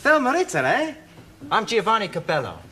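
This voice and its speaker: A man's voice: sits high, wildly swooping pitch, a little fast, bright, forceful tone. A man with an Italian accent in a sitcom, cheerful and speaking in broken English. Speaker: sitcom character, Italian student. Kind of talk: sitcom acting. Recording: noisy old TV sitcom audio.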